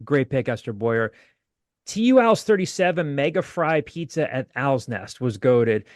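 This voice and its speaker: A man in the host's chair of a casual podcast, chatting and reading through listener suggestions with an easy, conversational delivery. His voice is mid-pitched and recorded close and dry, with no room sound around it. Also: lively intonation, unhurried, dry recording. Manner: reads listener posts aloud, chatty. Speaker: podcast host. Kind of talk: casual chat.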